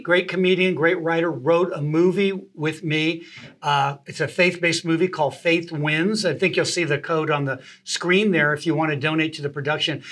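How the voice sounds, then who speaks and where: A man, an impressionist and radio host, animatedly telling show-business anecdotes in a casual interview. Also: on the high side. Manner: animated, laughs through stories.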